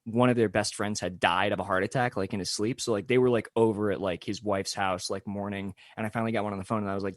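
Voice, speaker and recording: A man's voice: fairly low pitch, steady tone, fast talker, hardly any pauses, no room sound, studio quality. A young man telling a long story in casual podcast chat, full of fillers and swearing. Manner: rambling, filler-heavy, swears freely. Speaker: podcast co-host.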